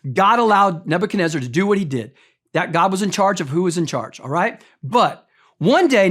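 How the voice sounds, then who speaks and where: A man preaching a conversational sermon as pastor, speaking straight to his congregation and often repeating words as he talks. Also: high-pitched.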